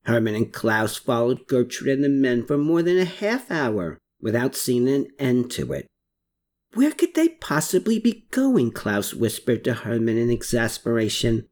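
An audiobook narrator reading a story chapter with plenty of movement in pitch. The delivery is expressive and steady, at a middling pitch. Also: moderate pace, hardly any pauses. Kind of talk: scripted narration.

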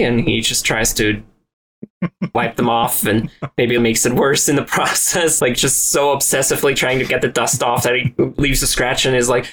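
A man's voice: mid-range voice, steady tone, moderate pace, a bit bright, a little hiss or hum, rough recording. A man playing a tabletop game, describing what his character does in a casual way. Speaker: player.

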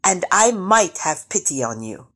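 A woman voicing a mischievous male rabbit trickster in a storybook reading, with a high, bold, teasing voice. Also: sing-song, unhurried. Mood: smug.

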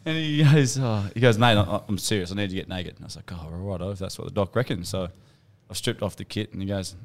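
Telling a lengthy joke as if it were his own experience, an Australian man on a podcast with his mates acts out the dialogue animatedly and swears freely. He's a podcast co-host with a fairly low pitch who talks fast.

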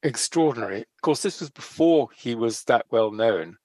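A man hosting a podcast and asking questions in a measured, polite, slightly hesitant way. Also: mid-range voice, lively intonation, darkish tone, no echo. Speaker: podcast host. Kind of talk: interviewing.

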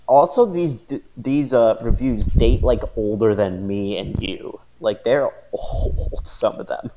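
A man with a slightly low voice, co-hosting a loose podcast chat. He talks sarcastically and laughs often while reading out movie reviews. The talk is casual and unscripted. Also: mellow, a little hiss or hum. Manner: sarcastic, quick to laugh, reads reviews aloud. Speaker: podcast host.

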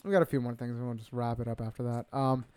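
A man's voice: medium pitch, fairly even intonation, fast, a little mellow, clean tone, dry recording. A man co-hosting a podcast in casual chat, joking and swearing freely. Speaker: podcast co-host.

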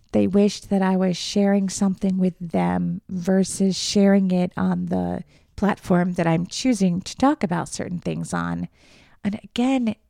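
A podcast host in her fifties talks through personal thoughts in a reflective, candid monologue. Her voice sits low with heavy vocal fry and a dark, mellow tone. The sound is close and dry, with no room around it. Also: no echo. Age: 50s. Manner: reflective, candid, trailing off into soft murmurs.

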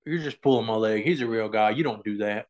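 A man's voice: fairly low pitch, fairly quick, a little mellow, a little hiss or hum. Foul-mouthed man telling stories, laughing. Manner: swears a lot, laughs while telling stories. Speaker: guest, online comedian. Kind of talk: casual podcast chat.

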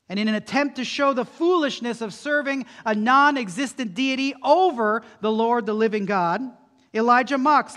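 A man's voice: high-pitched, a bit bright. A man preaching an emphatic sermon as a pastor, using rhetorical questions. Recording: long hall reverb.

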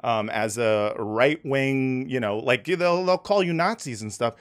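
A man's voice: mid-range voice, unhurried, clear, resonant tone. Rambling, laughing podcast host man. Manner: rambling, filler-heavy, laughs easily. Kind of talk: casual conversation.

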